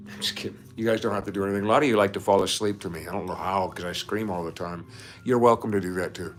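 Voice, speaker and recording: A man's voice: sits low, fast, soft background music. A man hosting a casual livestream, chatting with viewers. He rambles into nerdy asides and laughs often. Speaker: livestream host reading viewer comments. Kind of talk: casual live-stream chat.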